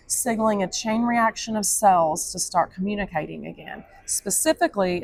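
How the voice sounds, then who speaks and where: A woman explaining her company's products in an upbeat, explanatory sales pitch during an interview. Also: no echo. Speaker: company representative.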